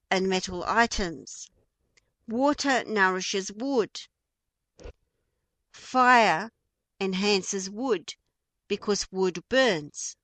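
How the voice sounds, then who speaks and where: A woman's voice: mid-range voice, fairly bright tone, no room sound. A woman with an Australian accent giving an informal spoken lesson, explaining patiently with frequent ums and restarts. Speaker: feng shui teacher.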